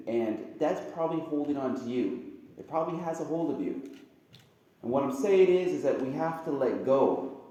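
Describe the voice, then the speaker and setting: A man, a priest giving a casual, chatty homily to a group of young people, now and then breaking into silly high sound effects. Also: normal speed. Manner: chatty and animated, bursts into high-pitched sound effects and jokes with the audience. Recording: very echoey room sound.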